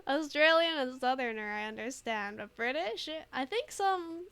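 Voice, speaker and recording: A woman's voice: on the high side, fairly bright tone, clean tone. A woman streamer chatting casually over a game, laughing often and thinking aloud with lots of fillers. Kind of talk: casual let's play commentary.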